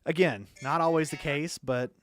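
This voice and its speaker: A man's voice: on the high side, normal speed, a bit bright, slight background noise. A man co-hosting a live stream, talking casually and emphatically with lots of "you know". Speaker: co-host. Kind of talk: casual chat.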